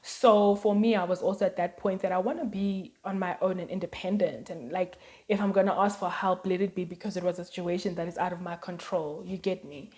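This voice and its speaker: A woman's voice: on the low side, fairly even intonation, fairly quick, few pauses, dark tone. A woman vlogger chatting casually to her viewers, telling personal stories with lots of "like" and "um". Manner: chatty, storytelling, many fillers and "like". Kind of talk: casual chat to camera.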